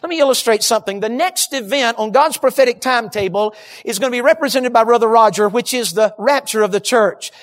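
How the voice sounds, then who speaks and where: A man's voice: extremely high pitch, fairly quick, hardly any pauses. Male preacher at a church platform, emphatic sermon delivery, storytelling. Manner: storytelling, emphatic, addresses congregation.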